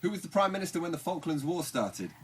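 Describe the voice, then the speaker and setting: Fast, lively male radio host. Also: a little high, slightly rough. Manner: upbeat, quick presenter patter. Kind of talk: radio show hosting. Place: radio studio.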